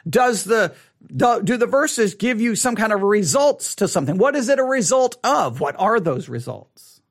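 A man leads a Bible study lesson in a casual teaching voice. He speaks high for a man, and his pitch swings widely as he acts out a reader's surprised reactions. He often restarts and repeats his phrases. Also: sing-song, moderate pace.

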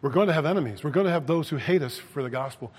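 Husky-voiced preacher in a reverberant hall. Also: male voice, on the high side, rapid-fire. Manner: preaching, rising to emphatic peaks on scripture. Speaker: pastor. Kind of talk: sermon.

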